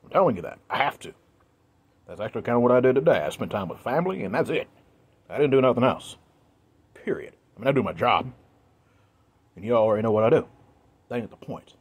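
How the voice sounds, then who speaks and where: Husky, emphatic man lecturing viewers. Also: medium pitch, animated, fast talker, pauses often. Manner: emphatic, preachy, repeats himself. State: emotional. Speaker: video creator. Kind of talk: earnest monologue to viewers.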